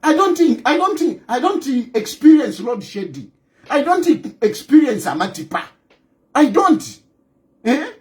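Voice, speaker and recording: A Zambian man giving an impassioned political monologue to camera, forceful and repetitive, hammering his points again and again and breaking into scornful laughs. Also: very high-pitched, very animated, measured pace. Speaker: political commentator.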